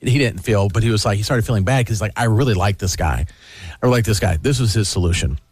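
A man co-hosting a morning radio show, chatting quickly and loosely. He tells stories by jumping into animated voices for the people he quotes. The sound is close and dry, with no room around it. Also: on the low side, husky, dry recording. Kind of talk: casual morning show banter.

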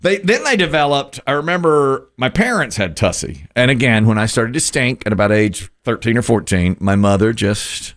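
A man's voice: medium pitch, lively intonation, moderate pace, hardly any pauses, fairly bright tone. A middle-aged man hosting a radio show, chatting and laughing often as he tells stories. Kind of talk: casual morning radio banter.

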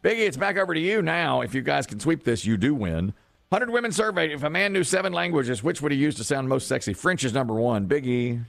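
Lively radio quiz-host man. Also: fairly high pitch, fairly quick, vocal fry, no room sound. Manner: upbeat, repeats the question, teasing. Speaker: radio show host running a quiz game. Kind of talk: game show hosting.

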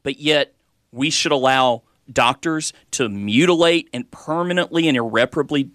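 A man's voice: mid-range voice, normal speed, a bit bright, dry recording, clean studio sound. A man with a Southern American accent co-hosting a casual political talk show, opinionated and teasing. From South Carolina.

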